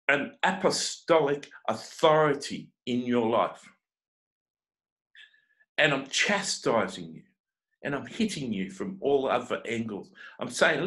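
Animated scolding male preacher. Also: a little high, poor audio. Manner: scolding, stacks rhetorical questions; repeats words when starting sentences. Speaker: self-described prophet and teacher. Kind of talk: confrontational online sermon.

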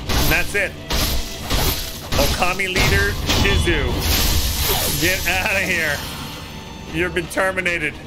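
Excitable man streaming a game, unhurried. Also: high voice. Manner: excitable, exclaims at loot and deaths. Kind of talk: casual let's-play commentary. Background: game music.

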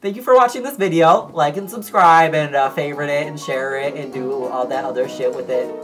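A man vlogging to camera, telling a personal story in a casual, profane, animated way and acting out the dialogue. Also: fairly high pitch, brisk, faint music behind.

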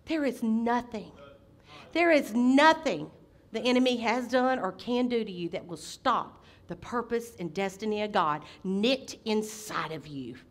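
A middle-aged woman preaching a sermon as senior pastor, impassioned, with sudden loud outbursts. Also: medium pitch, normal speed, hardly any pauses.

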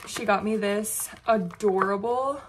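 An American vlogger chats casually to her phone camera at home, bubbly and gushing. Her medium-pitched voice is a little slow, with slight background noise.

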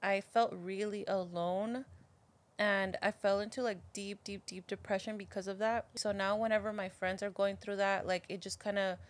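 A woman's voice: medium pitch, steady tone, moderate pace. A young woman co-hosting a podcast, talking earnestly in casual chat and giving advice from her own experience. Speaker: podcast host.

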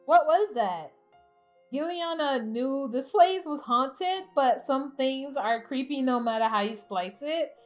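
A woman giving casual let's-play commentary, chatty and excitable, talking to her game characters as she plays. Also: high-pitched, takes it slowly, soft background music. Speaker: gaming channel host.

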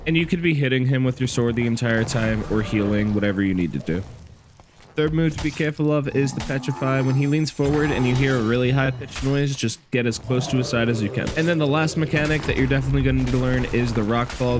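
A young man giving a relaxed, conversational voice-over guide to a video game boss fight. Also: medium pitch, noisy background. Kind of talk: casual gameplay guide voice-over.

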